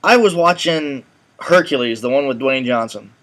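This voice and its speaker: A man co-hosting a casual web show, telling stories in an animated way and swearing now and then. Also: mid-range voice, normal speed. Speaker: co-host. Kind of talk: casual chat.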